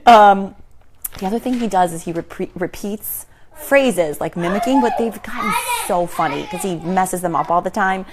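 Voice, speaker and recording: A woman hosting a casual chat, laughing often as she tells funny stories and acts out a toddler's shouts. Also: mid-range voice, moderate pace, very noisy. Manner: laughs often between sentences; amused, storytelling. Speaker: host.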